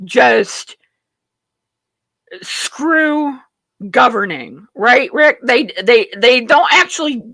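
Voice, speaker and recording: A mid-pitched host with a bright, edgy tone, recorded dry and close. The host talks politics in a halting, agreeable way, often restarting sentences. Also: sing-song, creaky, no echo. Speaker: talk show host. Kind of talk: political discussion.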